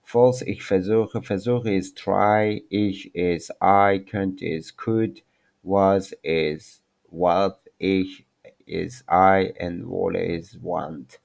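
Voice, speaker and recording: Slow, gravelly low-voiced man teaching. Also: steady tone, darkish tone. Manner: halting, self-correcting, apologetic non-native English. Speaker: language teacher. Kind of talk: informal screen-share language lesson.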